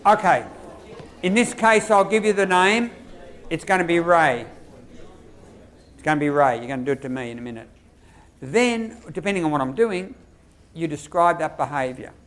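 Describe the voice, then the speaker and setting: Aussie guy running a teacher workshop, bit higher voice, keeps quizzing the crowd. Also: a little fast. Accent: Australian. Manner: lively, asks the audience questions, acts out teacher phrases. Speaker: lecturer on behaviour management.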